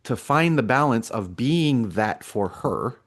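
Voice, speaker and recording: A man co-hosting a podcast, explaining points in a measured way. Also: mid-range voice, lively intonation. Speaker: podcast co-host. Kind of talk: casual chat.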